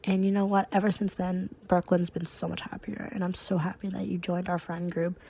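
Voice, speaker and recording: A woman's voice: fairly low pitch, flat delivery, a little fast, gravelly, warm tone, husky. A woman co-hosting a podcast, talking earnestly and supportively in casual chat. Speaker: podcast co-host.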